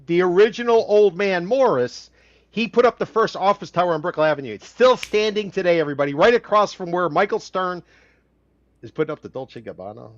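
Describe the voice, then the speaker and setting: Man, podcast host, easygoing, high-ish voice, dull dry recording. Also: lively intonation, a little fast, dry recording. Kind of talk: casual podcast chat.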